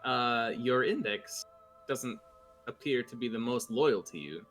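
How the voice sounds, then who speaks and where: A man playing a tabletop game, talking in a casual, measured way. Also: mid-range voice, expressive, fairly bright tone, soft background music. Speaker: player.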